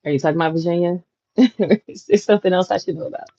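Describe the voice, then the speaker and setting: A woman's voice: lowish voice, very fast, vocal fry, dark tone, no echo. Chatty woman hosting a home livestream. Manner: chatty, laughs often, talks to viewers directly. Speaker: livestream host. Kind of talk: casual live chat reading comments. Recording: dull lo-fi livestream audio, dry.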